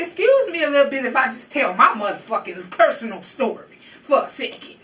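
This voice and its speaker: A woman's voice: sits high, sing-song, brisk, fairly bright tone, far from the mic. A woman vlogger giving an emotional, profane, confrontational commentary on a news story, drawing on her own life. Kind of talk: emotional personal commentary rant. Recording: roomy echo, voice off-mic.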